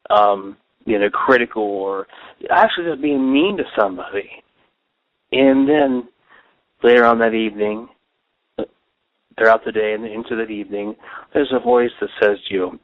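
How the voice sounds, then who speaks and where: Man talking over a tinny phone line. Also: on the low side. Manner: rambling, many fillers and restarts. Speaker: psychic advisor hosting a call-in show. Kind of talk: solo call-in radio talk with guided meditation.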